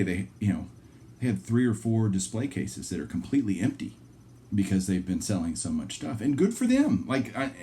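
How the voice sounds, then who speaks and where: Rambling low-voiced man chatting to camera. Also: warm tone. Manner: rambling, talks in restarts and asides; candid and chatty with viewers. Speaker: card collecting channel host. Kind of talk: casual chat to camera.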